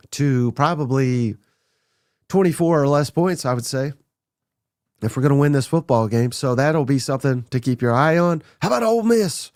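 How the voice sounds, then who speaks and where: A man hosting a sports podcast, talking bluntly and excitedly through a list of names, a little under the weather. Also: medium pitch, no echo, clean studio sound. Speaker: podcast host. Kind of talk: casual sports talk monologue.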